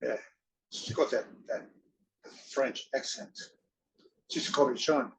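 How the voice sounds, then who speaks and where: A man as an interview guest, telling stories in an animated way, often laughing and acting out voices. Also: medium pitch, slow, low-quality recording. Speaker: interview guest, wrestler and actor. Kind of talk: casual storytelling.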